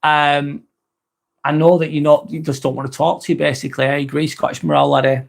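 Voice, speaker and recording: A man's voice: a little high, quick pace, gravelly. A man hosting a live vlog, talking casually and reading out viewer comments, with lots of ums and some swearing. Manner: relaxed and chatty, with frequent ums and casual swearing.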